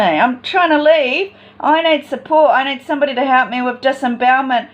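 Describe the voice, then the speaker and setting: A woman's voice: high-pitched, moderate pace, dull audio. A woman in a personal vlog monologue, talking in an agitated, rambling and distressed way.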